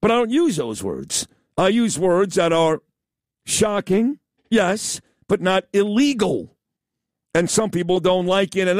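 A man's voice: high voice, very animated, normal speed, dry recording, clean studio sound. A man hosting a radio talk show, talking in a blunt, emphatic, rambling way. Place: radio studio. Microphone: studio mic.

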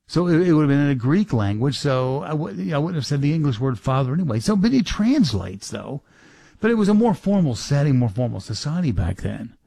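A man's voice: on the high side, big pitch swings, a little fast, creaky, warm tone, no room sound. A middle-aged man hosting a talk radio show, rambling casually with many restarts and fillers.

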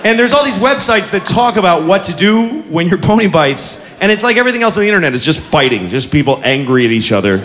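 A man doing animated, profane, self-mocking stand-up storytelling. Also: sits high, fast talker, few pauses. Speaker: stand-up comedian. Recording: live club with audience and noise.

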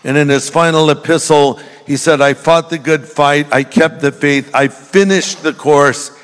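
Older man, pastor, humorous sermon, slightly high voice, long hall reverb. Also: fairly even intonation, measured pace, clear, resonant tone. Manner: humorous storytelling, jokey asides to the congregation. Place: large church hall.

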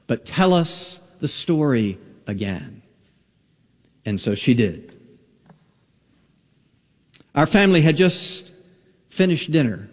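A man preaching a sermon, telling a story with dramatic pauses. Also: fairly high pitch. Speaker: pastor. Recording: radio broadcast with long reverb.

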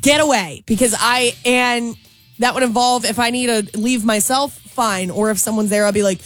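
A woman co-hosting a morning radio show, chatting in a lively way with lots of likes and restarts. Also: on the high side, moderate pace, faint music behind. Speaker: radio co-host. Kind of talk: casual morning radio chat.

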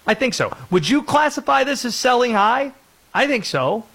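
Male sports radio host, high voice, very lively delivery. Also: normal speed, breathy edge. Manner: lively, animated, jokey, breaks into put-on voices.

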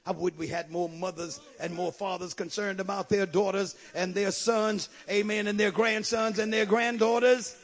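A man preaching a sermon, moving from quiet asides to shouted scripture and calling out to his congregation. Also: sits high, fairly even intonation, normal speed, hardly any pauses. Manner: calls out to the congregation.

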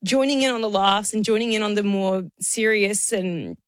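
A woman's voice: mid-range voice, moderate pace, no room sound. Woman, departing podcast producer; emotional, tearful laughter; dry close sound. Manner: emotional, laughing through tears. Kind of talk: casual podcast chat.

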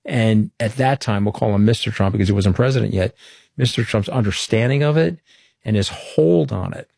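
A man's voice: fairly low pitch, normal speed, gravelly, a little hiss or hum. A middle-aged man, telling stories as an interview guest and acting out the quoted dialogue. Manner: animated storyteller, acts out quoted dialogue. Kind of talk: conversational interview storytelling.

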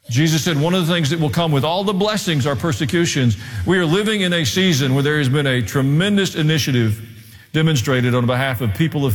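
Animated preacher in an echoing hall. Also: male voice. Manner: animated storytelling, wide pitch swings and dramatic pauses. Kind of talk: sermon. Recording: long hall reverb.

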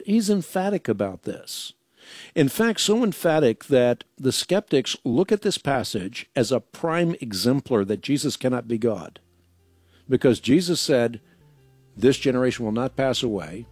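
A man's voice: medium pitch, animated, normal speed, a little mellow, husky, no echo, studio quality. A man hosting a radio broadcast, explaining scripture emphatically with rhetorical questions. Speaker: radio show host answering Bible questions.

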